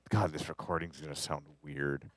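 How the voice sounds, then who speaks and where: Low-voiced canadian guy rambling through a production class, dry close sound. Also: fairly even intonation, moderate pace, fairly bright tone, dry recording. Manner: rambling, jokey, talks to the audio as he edits. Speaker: music production instructor. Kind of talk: live studio master class.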